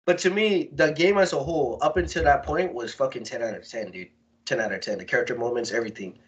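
Speaking fast at a medium pitch, a young podcast co-host chats casually in slang, circling back over the same points and putting on voices to quote people. The recording has a dull, lo-fi podcast quality.

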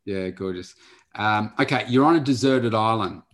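A male podcast host in a casual chat, asking quick-fire questions. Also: on the low side, a bit bright.

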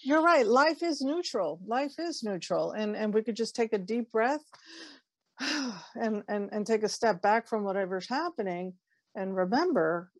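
A woman's voice: medium pitch, lively intonation, unhurried, no echo. A woman in a casual spiritual conversation, talking earnestly and often repeating herself as she restarts sentences.

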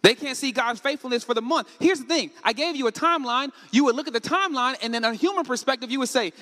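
A man preaching a sermon, asking the congregation questions and rising to shouts. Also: extremely high pitch, fast talker, hardly any pauses. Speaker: pastor. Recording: echoey hall with long reverb.

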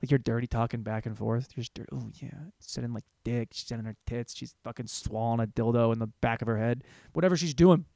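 A man's voice: medium pitch, steady tone, fast talker, hardly any pauses, mellow, no room sound, studio quality. A man in his thirties hosting a solo comedy podcast. He talks in a crude, rambling, self-mocking way. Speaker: podcast host.

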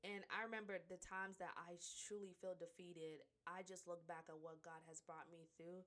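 Bright-voiced young woman podcaster, chatty. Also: on the low side, level tone, normal speed. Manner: chatty, emotional, laughs often, addresses listeners as y'all. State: tearful, near crying. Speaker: podcast host. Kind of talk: casual faith-based podcast monologue.

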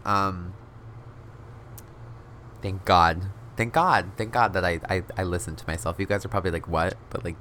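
Young dude rambling on his podcast, gravelly low voice, faint hiss behind him. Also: a bit bright. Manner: chatty, swears often, says "like" a lot, laughs between phrases. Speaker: podcast host. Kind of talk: casual chat, storytelling. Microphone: close to the mic.

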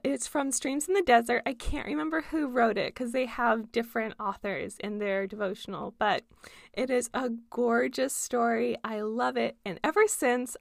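A young woman chats eagerly as a vlogger, gushing with enthusiasm. Her voice sits high and carries a gravelly, fried texture. The sound is close and dry, with no room behind it. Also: fairly bright tone, no room sound. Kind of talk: casual chat.

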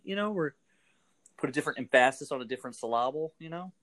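A man's voice: on the high side, expressive, a bit bright. A man hosting a casual radio show, joking and laughing easily with his guest. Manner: jokey, laughs easily, quick asides.

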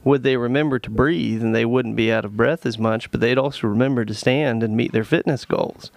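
A man's voice: medium pitch, a little fast, creaky, no room sound. Joking, rambling male podcast co-host. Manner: joking, sarcastic storytelling; rambling with many fillers. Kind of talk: casual chat.

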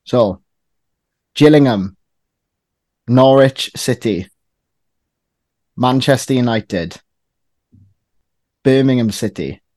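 A man's voice: mid-range voice, slow pace, pauses often, darkish tone, no echo. A man hosting a casual football quiz among friends, teasing and reading lists of clubs aloud. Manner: reads clubs out one by one in a teasing tone. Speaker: quiz host.

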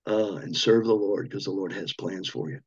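A man's voice: sits low, normal speed, a little mellow, breathy edge, dull audio. A man speaking as a podcast guest, with an earnest preacher's cadence. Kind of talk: casual chat.

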